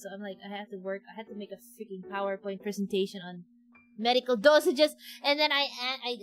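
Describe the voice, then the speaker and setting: A woman's voice: on the high side, animated, a little fast, fairly bright tone, soft background music, low-quality recording. A young woman, a doctor chatting casually on stream and rambling through a story with many restarts.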